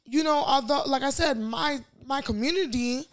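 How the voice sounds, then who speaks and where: A woman's voice: high-pitched, moderate pace. A young American woman co-hosting a podcast, talking in a rambling casual way with many fillers and restarts. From United States. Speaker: podcast co-host. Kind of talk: casual chat.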